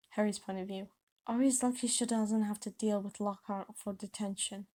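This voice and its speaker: A woman's voice: mid-range voice, fairly even intonation, moderate pace, dark tone. A woman casually reading her own fan story aloud, voicing characters lightly and restarting words as she goes. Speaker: author reading her fanfiction.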